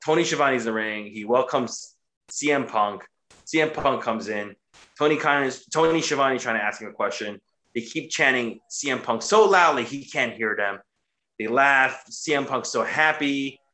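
A man with a bright, forceful voice talks in loose podcast chat. He swears in nearly every sentence and builds up steam as he goes, excitable and blunt. His pitch sits in an ordinary middle range. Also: normal speed. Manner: profane, excitable, swears constantly. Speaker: podcast co-host recapping wrestling. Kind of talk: casual chat.

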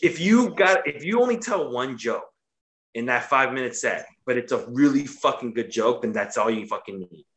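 A man's voice: mid-range voice, normal speed. A man recapping a show in casual podcast chat, swearing constantly and getting worked up. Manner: profane, excitable, swears constantly. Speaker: podcast co-host recapping wrestling.

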